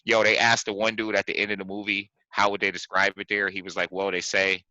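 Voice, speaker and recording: Deep, bright-voiced man chatting animatedly. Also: quick pace, no room sound, lo-fi sound. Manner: animated, laughing storyteller, repeats himself. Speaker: podcast host. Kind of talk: casual chat about movies.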